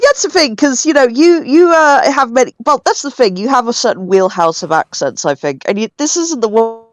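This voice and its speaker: A woman's voice: fairly high pitch, lively intonation, brisk. A woman co-hosting a podcast, bantering playfully and teasing the others. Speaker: podcast co-host. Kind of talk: casual podcast chat.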